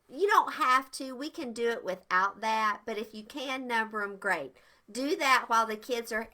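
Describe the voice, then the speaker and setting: With a slightly high, bright, and pushed voice, an older woman hosts a live etiquette show aimed at kids, greeting viewers enthusiastically in a bubbly way during the livestream lesson.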